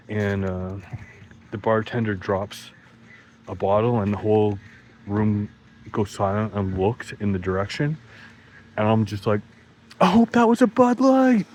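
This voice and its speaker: Rambling low-voiced man telling bar stories. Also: a little mellow, a little hiss or hum, low-quality recording. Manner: rambling, heavy on "like" and restarts, laughs at own jokes; swearing freely, voice jumps up when quoting himself. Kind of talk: casual storytelling monologue.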